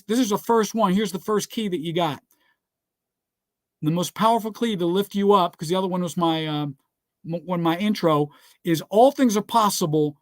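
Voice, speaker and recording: A motivational speaker with a fairly high voice mixes business advice with scripture, delivering it emphatically like a preacher. He keeps asking rhetorical questions, repeating "guess what?" and "all right?", and tells listeners to write things down. The sound is close and dry, with no room echo.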